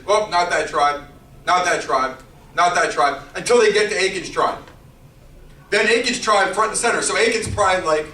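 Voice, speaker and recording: A man giving a youth sermon, telling a story in an animated, playful way with character voices. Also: sits high, reverberant, far from the mic, a little hiss or hum, poor audio. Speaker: youth pastor.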